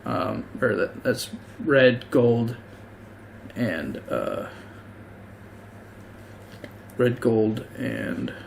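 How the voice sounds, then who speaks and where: Slow, hesitant male game master. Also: mid-range voice, expressive, gravelly, slight background noise. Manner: hesitant, full of ums and rethinking. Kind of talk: narrating a tabletop game.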